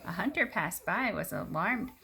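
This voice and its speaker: A woman reading a children's storybook aloud, playful and animated, with a slight gravelly edge. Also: on the low side, normal speed. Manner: animated, playful voices for characters.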